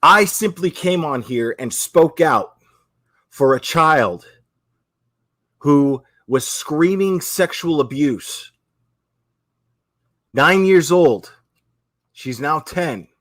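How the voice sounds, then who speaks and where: A man's voice: on the high side, animated, very slow, pauses often, fairly bright tone, no echo. Swearing, ranting man with a dry sound. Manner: profane, repetitive, confrontational. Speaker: YouTube creator. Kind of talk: angry livestream rant.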